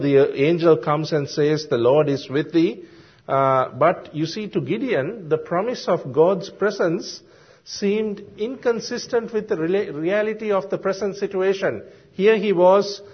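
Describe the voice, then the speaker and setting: A man preaching a sermon, explaining Bible verses slowly and deliberately with frequent ums and uhs. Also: a little high, husky. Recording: dull lo-fi sermon recording.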